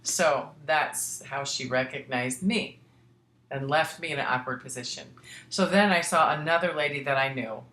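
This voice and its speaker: A woman's voice: a bass voice, normal speed, a bit bright. A middle-aged woman from Missouri hosting a crafting podcast, chatting casually and rambling with frequent restarts. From Missouri, United States. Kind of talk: casual chat. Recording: echoey room.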